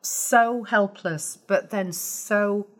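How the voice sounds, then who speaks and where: A woman's voice: medium pitch, crowd noise. Woman guest telling a story. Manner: animated storyteller, halting restarts. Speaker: guest missionary. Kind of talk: storytelling in a podcast interview.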